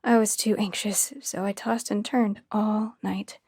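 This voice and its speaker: A woman reading a first-person horror story in a hushed, tense storytelling manner. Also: mid-range voice, flat delivery, a little slow, slightly rough, dry recording, clean studio sound. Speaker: narrator.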